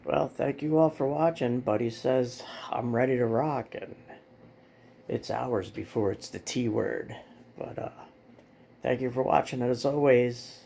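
Slow, gravelly man cooing at his cat. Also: medium pitch, warm tone, a little hiss or hum. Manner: coos affectionately at the cat. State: hoarse from allergies. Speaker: cat owner filming his pet. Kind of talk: casual vlog talk to his cat.

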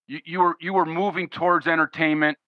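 A man's voice: on the high side, flat delivery, a little fast, dry recording. A man hosting a podcast in a casual, encouraging way, often calling his guest "man". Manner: laid-back, affirming, says "man" often. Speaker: podcast host. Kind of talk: casual interview chat. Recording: dry, dull lo-fi podcast audio.

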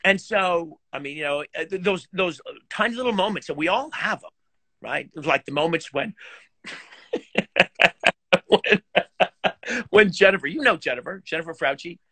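A middle-aged man, a guest musician and teacher, telling stories in a casual chat, animated and self-deprecating, laughing often. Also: high voice, unhurried, long pauses, dry recording. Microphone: video call.

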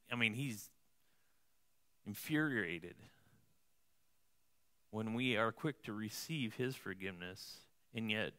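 A male pastor delivering a sermon in a church, his voice bright and crisp with a clean, resonant tone. He reads a passage, then explains it in a loose, conversational style and checks in with his listeners as he goes. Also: medium pitch. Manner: conversational preaching, tags lines with "right?".

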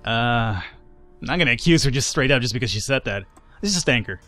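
Male let's-play host, mid-pitched, rambling casual game commentary with asides. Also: expressive, fast talker, a bit bright, faint music behind. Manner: rambling, chatty, lots of fillers and asides.

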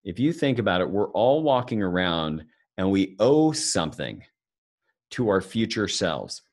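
A man's voice: sits low, big pitch swings, unhurried. A man giving a live financial seminar, talking conversationally and joking with the audience. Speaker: financial speaker presenting to an audience.

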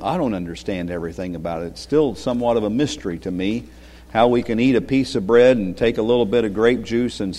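A man giving a children's sermon as pastor, speaking gently, asking the kids questions and chuckling often. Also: medium pitch. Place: church sanctuary. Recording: long reverb of a church sanctuary.

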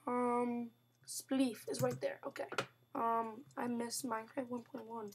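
Brief: young woman, high voice, unhurried, excitable gamer commentary, faint typing behind. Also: noisy background. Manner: chatty and excitable, with sudden outbursts and mock growls. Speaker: gamer narrating gameplay. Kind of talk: casual let's-play commentary.

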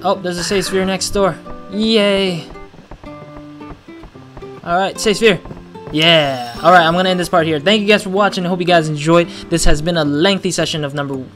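A man's voice: sits high, steady tone, fast talker, hardly any pauses, a bit bright. A man hosting a let's play, chatting casually about the game and rambling with jokes. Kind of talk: casual gameplay commentary. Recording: game music playing behind.

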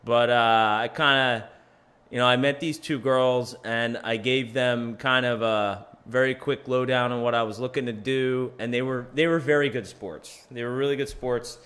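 A man's voice: medium pitch, fairly even intonation, moderate pace, fairly bright tone. A man hosting his own podcast in a rambling, self-deprecating, chatty monologue. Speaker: podcast host.

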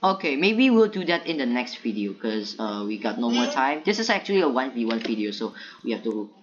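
A woman's voice: rumbling low, sing-song, brisk. A woman giving live gameplay commentary, jumpy and panicky, talking to herself and to her opponent. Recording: dull lo-fi mic with faint noise.

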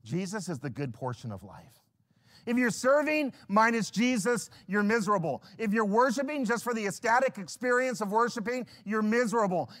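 Animated male pastor preaching. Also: high voice. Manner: animated, swings from hushed to loud; acts out little scenes in quoted voices. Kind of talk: sermon.

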